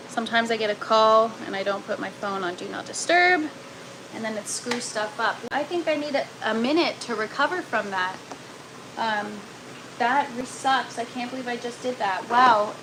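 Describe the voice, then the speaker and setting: A woman chatting casually to viewers on a live stream from her indoor grow tent, groaning and exasperated. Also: fairly high pitch. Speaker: gardening livestreamer. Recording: noticeable steady background noise.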